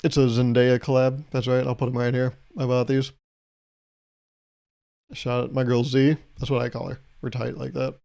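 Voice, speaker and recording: Mellow-voiced man rambling through a podcast. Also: medium pitch, level tone, moderate pace, gravelly. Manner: rambling, jokey, chuckles at his own bits. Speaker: podcast host. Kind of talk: solo podcast monologue.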